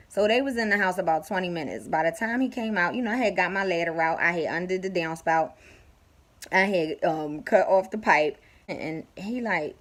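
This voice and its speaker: Blunt, lively-voiced woman telling a story. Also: medium pitch, moderate pace. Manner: profane, blunt, animated storyteller. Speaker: vlogger. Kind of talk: casual storytelling vlog.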